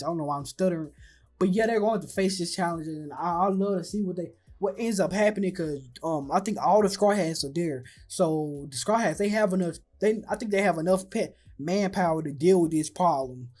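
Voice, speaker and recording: A man's voice: high-pitched, brisk, a little mellow. A man hosting his own channel, chatting casually with frequent ums, restarts and stutters. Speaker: anime channel host. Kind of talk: casual commentary.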